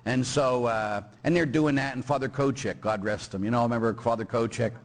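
A man's voice: medium pitch, brisk. A middle-aged man, a Catholic priest, telling stories in a homily, acting out the people in them and tagging lines with "huh?". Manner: animated storyteller, acts out quoted people and sound effects, keeps tagging "huh?". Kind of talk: storytelling homily.

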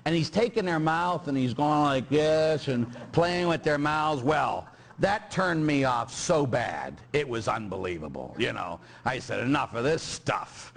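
Lively storytelling priest, man. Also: on the high side, a little slow, creaky, few pauses. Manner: animated storyteller, acts out quoted people and sound effects, keeps tagging "huh?". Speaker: Catholic priest. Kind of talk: storytelling homily.

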